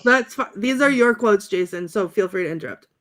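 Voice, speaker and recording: Casting note: woman co-host, reads quotes aloud in a light, laughing way, mid-pitched. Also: animated, brisk, a bit bright. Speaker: podcast co-host. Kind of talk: reading movie quotes aloud, casual chat.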